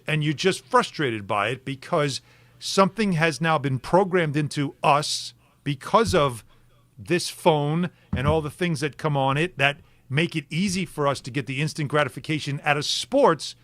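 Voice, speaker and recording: A man co-hosting sports talk radio, animated and fond of rhetorical questions. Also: fairly high pitch, no room sound.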